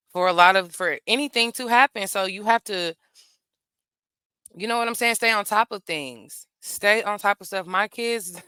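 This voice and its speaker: Woman, middle-aged, reaction host, casual, emphatic, repeats herself, crisp voice, dry sound. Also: on the low side, sharp tone, no echo. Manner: emphatic, repeats phrases for stress.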